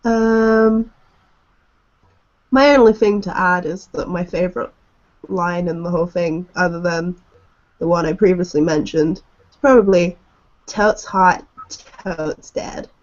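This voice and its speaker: A woman's voice: fairly low pitch, fairly even intonation, a little slow, pauses often. Young female co-host, giggly casual podcast chat, dull lo-fi sound. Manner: giggly, laughs often between lines. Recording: dull lo-fi home recording.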